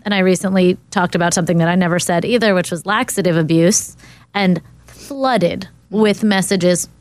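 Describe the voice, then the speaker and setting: A woman's voice: on the low side, normal speed, no room sound. A woman in casual podcast chat, speaking in a supportive and affirming way.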